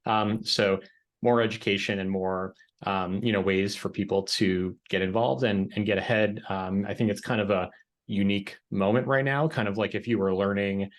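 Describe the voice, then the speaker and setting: Male founder, 40s, low-ish, casual and filler-heavy, webinar guest. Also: fairly even intonation, moderate pace. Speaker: company founder and educator. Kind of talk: webinar panel introduction.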